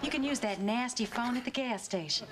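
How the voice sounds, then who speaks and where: A woman's voice: a little high, brisk, over a noisy crowd, heavy background noise, lightly acted. An actress playing a sassy, firm sitcom mother with a teasing, wisecracking manner. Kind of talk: sitcom acting. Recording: TV audio with studio audience laughter.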